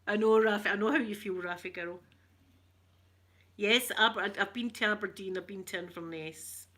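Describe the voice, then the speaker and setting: A woman with a broad Glaswegian accent hosts a casual chat with her viewers. Her voice is bright and sharp, and she wanders from story to story with easy, self-mocking laughs. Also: medium pitch, normal speed. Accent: Glaswegian Scottish. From Glasgow, Scotland. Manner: rambling and chatty, laughs often, self-mocking. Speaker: ASMR channel host reading viewer comments.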